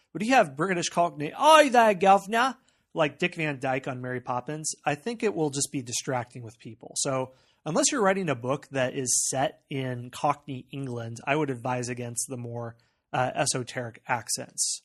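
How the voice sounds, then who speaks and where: A man with a General American accent explains steps in a casual screencast tutorial. He talks in a relaxed way, often saying "uh" and "okay" as he moves through each step. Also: mid-range voice, a little fast. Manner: conversational and explanatory, with frequent "uh" and "okay". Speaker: tutorial presenter.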